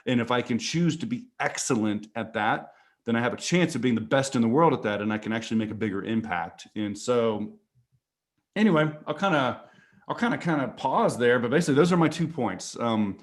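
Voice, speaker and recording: A man's voice: mid-range voice, fairly quick. A man speaking as a guest on a casual panel call, earnest and repeating words as he thinks.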